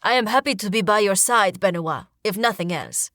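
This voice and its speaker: A woman's voice: mid-range voice, normal speed, a bit bright, dry recording, clean studio sound, lightly acted. A woman reading an audiobook, voicing a loyal, protective male warrior companion who speaks formally and sternly. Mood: earnest.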